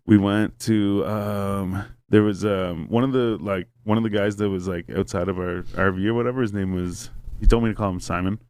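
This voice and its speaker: A man's voice: fairly low pitch, fairly even intonation, normal speed, hardly any pauses, a little mellow, clean tone. A man telling a long story in casual podcast chat, rambling and swearing, with many fillers.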